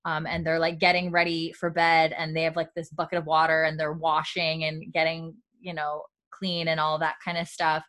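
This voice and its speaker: A woman's voice: normal speed, hardly any pauses. A woman co-hosting a casual podcast chat, retelling a TV episode and loosely acting out the characters' lines. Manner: retells scenes by loosely voicing characters in a softer, lower tone; laughs often, relaxed. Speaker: podcast co-host recapping a TV episode.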